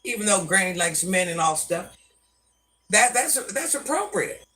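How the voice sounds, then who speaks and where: A woman around sixty with a deep voice, a live-stream host giving life advice to viewers in a folksy way, calling them baby and hun and calling herself Granny. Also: sing-song, moderate pace, sharp tone, distant mic.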